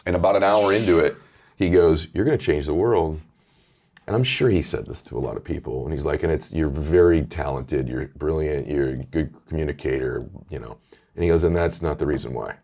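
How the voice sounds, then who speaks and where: Deep deep voiced middle-aged guy, earnest, telling his story in an interview. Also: a little fast, a little mellow, slight background noise. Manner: earnest, storytelling, emotional at times. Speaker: podcast host and author. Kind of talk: candid interview conversation.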